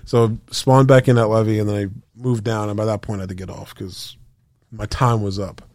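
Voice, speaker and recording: A man on a podcast telling a long gaming story, animated and profane, acting out quotes and gunfire sounds. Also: fairly low pitch, moderate pace, no echo. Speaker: podcast co-host. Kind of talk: casual storytelling chat.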